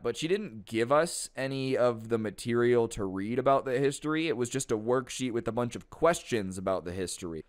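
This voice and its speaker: A man's voice: mid-range voice, clean tone. A man casually telling a school story to his channel, chatty and exasperated, with slangy asides. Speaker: storytime YouTuber.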